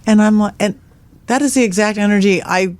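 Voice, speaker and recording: A woman's voice: mid-range voice, fairly quick, darkish tone, no echo. A middle-aged woman, a psychic medium guest on a podcast, telling ghost stories with energy and laughing at her own lines. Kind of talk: animated storytelling in conversation.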